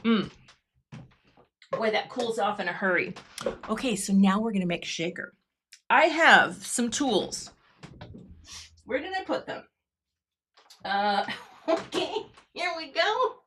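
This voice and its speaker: A woman's voice: fairly high pitch, expressive, slow pace, long pauses, fairly bright tone, slight background noise. A middle-aged woman from Washington State hosting a live card-making demo, chatting with her viewers and laughing often as she works. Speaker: craft product designer hosting a livestream.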